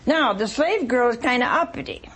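A woman preaching a sermon, retelling a scripture story with lively rhetorical asides to her congregation. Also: a little high, fairly quick, breathy edge.

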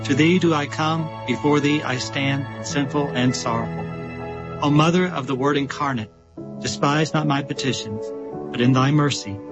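Male prayer reader, solemn pacing, loud new-age music under. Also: a little high, lo-fi sound. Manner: slow, solemn recitation. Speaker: prayer leader. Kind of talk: recited prayer.

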